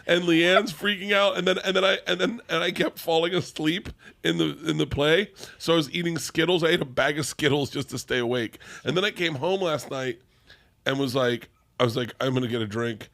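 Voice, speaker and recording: A comedian guest on a podcast, telling rambling, excitable stories in casual chat. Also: male voice, a little high, a little fast, creaky.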